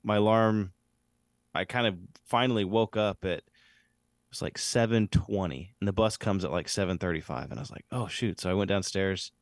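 A man in his thirties, a podcast co-host, telling a casual story with lots of fillers and animated retellings. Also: low-pitched, normal speed, no echo, clean studio sound.

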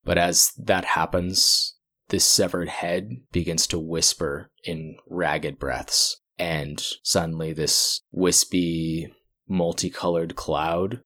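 Deep-voiced man narrating a horror game. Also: steady tone, a bit bright. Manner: measured, descriptive storytelling. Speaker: game master.

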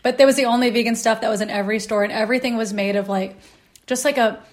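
Young woman co-host, wry and joking, frequent laughs, fairly high voice. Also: fairly even intonation, fast. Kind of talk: casual chat while tasting food.

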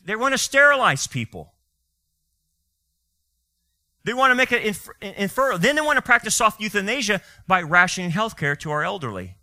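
Bright, animated preaching man. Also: high voice, fast. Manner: fiery, with sarcastic asides and rhetorical questions. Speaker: pastor. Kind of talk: sermon.

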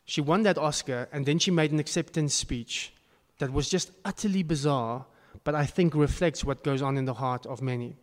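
A male pastor delivers an earnest sermon with sudden emphatic bursts. His voice sits somewhat high for a man. The sound carries a long reverb tail, as if from a large church hall. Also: normal speed, few pauses.

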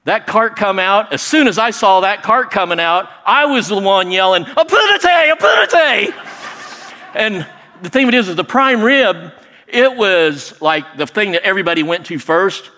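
A middle-aged man telling a personal story in a lively, animated way, acting out other people's lines. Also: high voice, normal speed. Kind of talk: personal story told to an audience. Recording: long hall reverb.

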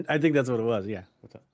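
An American man chatting as a podcast guest, telling stories in an animated way and laughing easily. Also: medium pitch, a little fast. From United States. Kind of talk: casual podcast chat.

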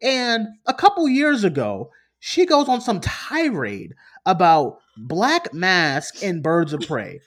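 A man's voice: high voice, wildly swooping pitch, takes it slowly, few pauses, fairly bright tone. A man co-hosting a podcast in casual chat, rambling and repeating himself as he gets worked up. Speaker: podcast co-host.

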